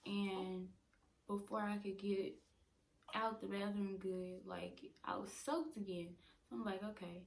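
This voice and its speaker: Young woman, chatty story time, vocal fry, roomy echo. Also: mid-range voice, unhurried, a little hiss or hum. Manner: chatty, animated retelling. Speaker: vlogger.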